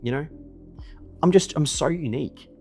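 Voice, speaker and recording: Soft background music plays as a man in his 20s, who runs an email marketing business, brags and curses to camera from his villa desk, ending points with an insistent "okay?". His voice sits on the high side, husky and darkish, at a moderate pace.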